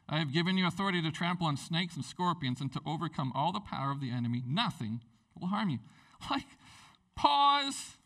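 Tired male preacher, rambling and animated, slightly high voice, recorded from a distance. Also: vocal fry. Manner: animated, rambling, jumps pitch for emphasis. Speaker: pastor. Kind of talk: sermon.

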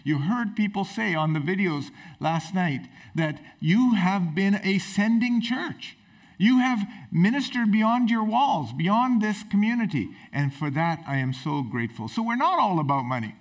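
A man's voice: sits high, animated, unhurried. A man preaching a sermon in a church, emphatic and exclamatory. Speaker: pastor. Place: church sanctuary.

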